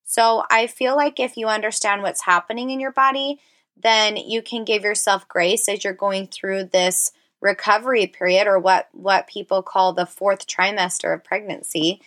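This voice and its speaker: A woman's voice: mid-range voice, steady tone, moderate pace, a bit bright. Woman podcast host, 30s, chatty and encouraging, heartfelt casual monologue. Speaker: podcast host and personal trainer.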